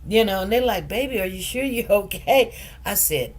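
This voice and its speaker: A middle-aged woman hosting a casual livestream chat. She tells stories with animated, preacherly emphasis and gets quiet and soft when things turn serious. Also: high voice, fairly quick. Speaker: livestream host.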